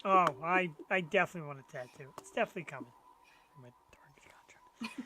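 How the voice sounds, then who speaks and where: A man's voice: sits high, lively intonation, fast, bright, forceful tone, slight background noise. A middle-aged man co-hosting a live web show, chatting enthusiastically about his collectibles. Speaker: co-host. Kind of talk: casual live-show chat.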